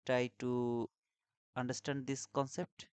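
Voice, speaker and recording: A man in a casual group voice chat about trading, talking in a halting, earnest way with frequent restarts and repeated words. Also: mid-range voice, little pitch movement, darkish tone, smooth, no room sound. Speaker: trader in a live trading call.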